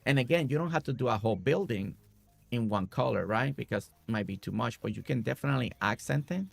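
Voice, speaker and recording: A man's voice: medium pitch, lively intonation, fast talker, vocal fry, dry recording. A man casually talking viewers through his building ideas on a live game stream, rambling with many fillers and restarts.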